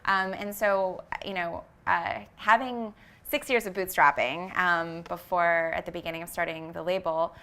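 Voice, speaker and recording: A woman who founded a vegan fashion brand, talking as an interview guest in an earnest, reflective way and often pausing on fillers as she searches for words. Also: lowish voice, steady tone, bright, forceful tone, smooth. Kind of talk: casual reflective interview talk.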